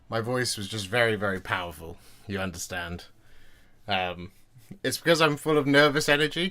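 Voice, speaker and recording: On the low side but fairly bright in tone, a man's voice carries his casual livestream as he builds models. He says hello to viewers, reads the chat aloud and makes light of himself in a chatty way.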